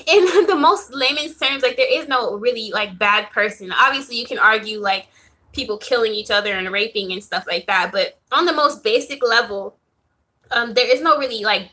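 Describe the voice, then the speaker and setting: A young woman talking casually to camera about spirituality, loose and chatty, with lots of "um"s and soft laughs. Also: on the high side, moderate pace. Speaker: spiritual reader vlogger. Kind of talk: casual talking-head vlog.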